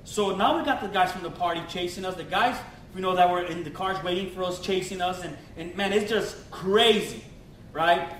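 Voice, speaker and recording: High-voiced pastor, echoey hall. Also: male voice, moderate pace, a little hiss or hum. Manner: animated storytelling with slang and acted-out quotes. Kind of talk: testimony sermon. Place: church. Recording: echoey church hall from far off.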